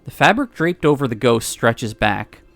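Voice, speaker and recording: A man streaming, reading a visual novel aloud with expressive narration and laughing asides. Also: medium pitch, normal speed, gravelly, dry recording, faint music behind.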